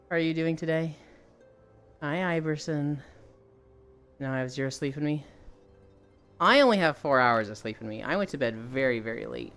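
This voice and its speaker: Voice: medium pitch, expressive, unhurried, long pauses, fairly bright tone, soft background music. A streamer chatting casually and rambling on a live stream while walking, swearing freely as they talk.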